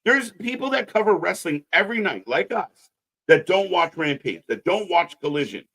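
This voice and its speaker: A man's voice: sits high, very animated, moderate pace, a bit bright. A man co-hosting a live wrestling commentary stream, talking casually and bluntly, swearing and ranting with strong opinions.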